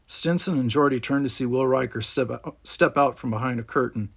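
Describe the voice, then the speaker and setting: A man narrating a storybook aloud, animated, giving each character its own voice. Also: mid-range voice, brisk.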